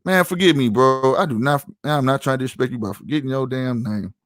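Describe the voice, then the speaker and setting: St guy on a podcast, slangy storytelling, dry close sound, mid pitch. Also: brisk, a bit bright, no room sound. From St. Louis, USA. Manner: slangy, storytelling, lots of "you know what I'm saying". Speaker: podcast host. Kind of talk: casual podcast chat.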